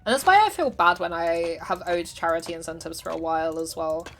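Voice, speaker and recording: A woman's voice: fairly low pitch, brisk, fairly bright tone, faint music behind. A woman streamer chatting casually while she plays, chatty and self-deprecating, laughing often. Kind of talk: casual livestream chat while gaming.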